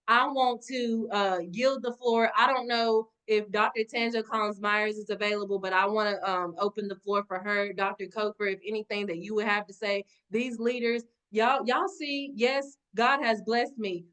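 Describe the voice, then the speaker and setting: Woman, high voice, impassioned motivational speaker, repetitive exhortations, video call. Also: fairly bright tone. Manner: preachy, repetitive exhortations, addresses audience as y'all.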